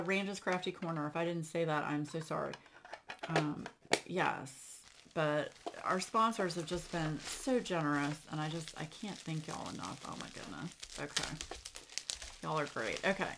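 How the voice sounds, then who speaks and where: A woman's voice: low voice, normal speed, noisy background. A woman, hosting a craft channel and gushing over gifts she unboxes for viewers, with frequent gasps. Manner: gushing, lots of gasps and exclamations.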